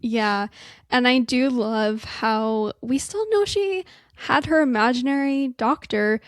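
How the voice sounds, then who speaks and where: An enthusiastic young woman chats casually as a podcast co-host in a fairly high voice. The sound is dry and close, with no room around it. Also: takes it slowly, clear, resonant tone, dry recording. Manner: agreeable, enthusiastic, uses like often. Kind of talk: casual chat.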